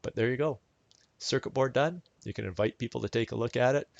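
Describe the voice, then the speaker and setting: Gravelly guy walking thru a software tutorial, dry kinda dull mic sound. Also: mid-range voice, fast, no room sound. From Canada. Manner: relaxed, chatty step-by-step explaining with fillers. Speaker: instructor. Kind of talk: screen-recorded software tutorial.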